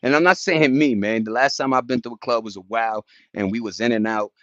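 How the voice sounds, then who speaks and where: A middle-aged man tells stories in a loose, slangy way, often leaping up in pitch for impressions and beat sounds. His voice sits in a middle register. The recording is dry and a little dull, with no room sound. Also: a little fast, no room sound. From New York. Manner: animated, slangy, jumps into high-pitched impressions and beatboxing. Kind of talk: casual storytelling chat.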